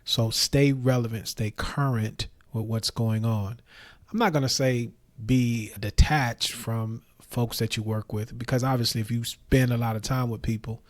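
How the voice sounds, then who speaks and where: A man hosting, giving steady, earnest advice in a preacher-like manner. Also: mid-range voice, a little slow, dry recording. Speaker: host. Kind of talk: advice commentary.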